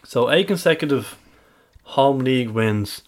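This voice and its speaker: A man's voice: medium pitch, animated, unhurried. A man co-hosting a casual podcast, methodically reeling off stats, dates and records. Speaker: podcast co-host, stats presenter.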